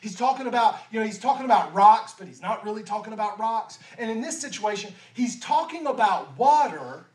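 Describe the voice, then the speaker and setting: High-voiced conversational preacher. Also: male voice, animated, brisk, few pauses, a little mellow. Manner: casual, conversational, rhetorical questions. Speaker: pastor. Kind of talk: sermon. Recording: echoey room from far off.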